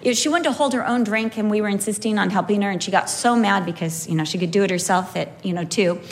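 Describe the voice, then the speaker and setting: A woman preaching a storytelling sermon, animated with wide pitch swings and slow, emphatic phrasing.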